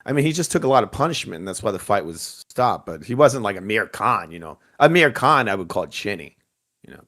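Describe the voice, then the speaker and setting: A man's voice: fairly low pitch, big pitch swings, a little fast, fairly bright tone. A man co-hosting a casual boxing podcast, blunt and teasing with a joking edge. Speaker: podcast co-host.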